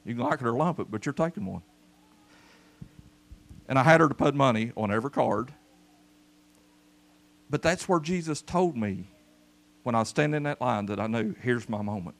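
A man's voice: medium pitch, moderate pace, pauses often. A man preaching a folksy storytelling sermon to his church, calling out to the congregation. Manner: folksy, animated, calls out to the congregation. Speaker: pastor. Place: church service.

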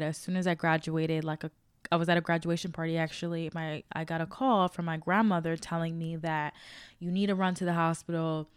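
This podcast host, a young adult woman, tells her own story in a relaxed, slang-filled, motivational style, talking straight to listeners. Her voice is lowish with a clean tone, captured dry in a clean studio.

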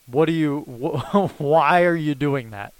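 Chill podcast guy, smooth clear voice, dry close sound, laughs a lot. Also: a little high, slow pace, no room sound. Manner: easygoing, chuckles often. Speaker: podcast co-host. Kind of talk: casual chat.

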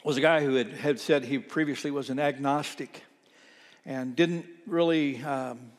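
A man preaching a sermon as pastor, telling stories and quoting people, sometimes dropping to a soft near-whisper. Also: medium pitch, steady tone, unhurried. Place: church sanctuary. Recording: long reverb in a church hall.

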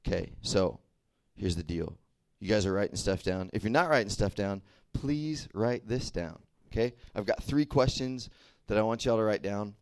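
A young man preaching a casual sermon as a youth pastor, chatty and animated, full of fillers and quick check-ins with the room. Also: fairly low pitch, no room sound.

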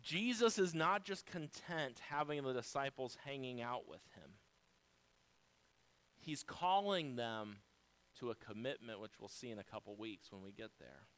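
A man's voice: medium pitch, very animated, measured pace, a bit bright, rough recording. A man preaching a sermon as pastor. He speaks emphatically and asks the listeners rhetorical questions.

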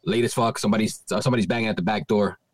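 Brief: male podcast host, fast talker, lively pitch, dry close sound, profane storyteller. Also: no echo. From Puerto Rico heritage, living in Philadelphia. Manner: swears constantly, animated retelling with acted-out quotes.

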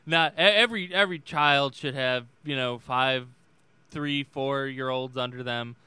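A man's voice: mid-range voice, unhurried, pushed and bright, smooth, no room sound. A man putting on a rambling older male politician who stumbles and repeats himself. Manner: stumbling, repeats words, trails off. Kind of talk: casual chat.

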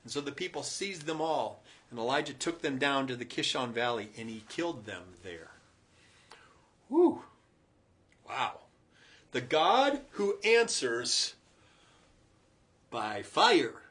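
A man preaching a sermon, retelling a story dramatically with chuckling asides and loud, emphatic quoted lines. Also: mid-range voice, big pitch swings, slow pace, pauses often.

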